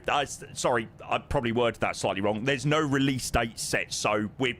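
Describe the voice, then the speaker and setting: A man's voice: lowish voice, a bit bright, a little hiss or hum. A British man chatting casually on a flight simulator stream, reading viewer messages aloud and calling out runway and altimeter figures. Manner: chatty, reads viewer messages aloud, calls out aviation numbers. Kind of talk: casual live-stream chat over flight sim.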